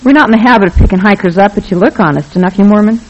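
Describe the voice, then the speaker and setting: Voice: medium pitch, very fast, natural voice. A narrator plays a blunt, bold older wife who talks with brash impatience and a drawl. The audiobook recording sounds dull and lo-fi.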